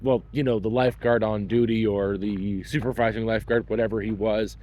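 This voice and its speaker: A man's voice: lowish voice, steady tone, brisk, darkish tone. A man in his thirties telling a personal story in a blunt, wry, casual way. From Canada. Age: 30s.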